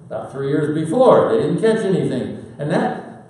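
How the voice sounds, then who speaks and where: A man preaching a sermon in a folksy storytelling manner with dramatic pauses. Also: a little high, sing-song, mellow. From Pacific Northwest, United States. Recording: very echoey hall, voice from far off.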